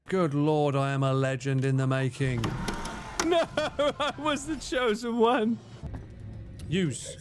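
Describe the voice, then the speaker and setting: A man streaming games in casual commentary, excitable, swearing freely and laughing often. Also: high-pitched, slow pace, music in the background.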